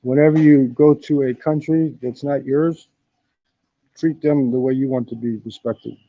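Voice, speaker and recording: This man's mid-range voice keeps a fairly even intonation and a measured pace, though the audio sounds muffled. Filming on his phone camera, he gives a relaxed live-stream tour of a Thai hostel. He curses often and tosses in "man" again and again.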